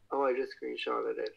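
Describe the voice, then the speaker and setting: A young man chatting casually on a livestream from his home kitchen, excitable and gushing, breaking into high squeals, speaking into a phone held at arm's length. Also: creaky, poor audio.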